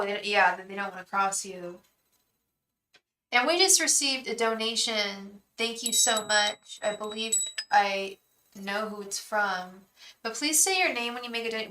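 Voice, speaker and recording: A woman's voice: medium pitch, a bit bright, poor audio. A young woman hosting a live tarot reading, chatting effusively with viewers and thanking them by name.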